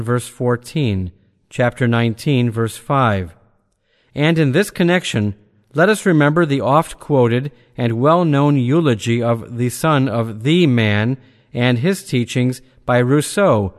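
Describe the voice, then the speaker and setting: A man reading theological prose aloud in a measured, deliberate manner, slowing down for scripture citations. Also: medium pitch. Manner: measured, deliberate delivery that slows to cite scripture references. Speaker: reader of a religious text. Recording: long hall reverb.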